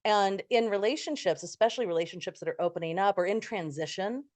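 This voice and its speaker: A woman's voice: mid-range voice, quick pace, a little mellow. A woman hosting a podcast and working as a coach, talking things through reflectively in casual conversation and reaching for everyday analogies.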